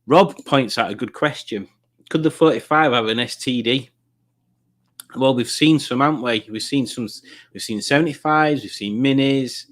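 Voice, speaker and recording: A man's voice: medium pitch, normal speed, fairly bright tone. Jokey man hosting a live stream. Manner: jokey, rambling, chuckling at puns. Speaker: live-stream quiz host. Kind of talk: casual live-stream chat reading out viewer comments.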